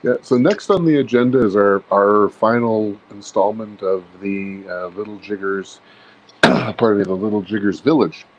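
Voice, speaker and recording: Low-voiced, easygoing male host. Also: normal speed, highs cut off. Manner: relaxed, chatty, with hesitant fillers. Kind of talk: casual live-stream hosting.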